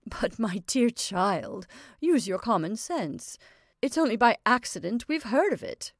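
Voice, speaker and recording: A woman's voice: a little high, lively intonation, measured pace, no echo, studio quality. A woman reading aloud, voicing a genteel middle-aged mother who talks in an airy, patronizing way.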